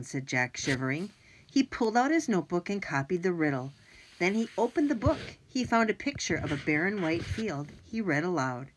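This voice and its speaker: Animated woman reading a children's story. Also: fairly low pitch, moderate pace, slight background noise, low-quality recording. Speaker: audiobook narrator.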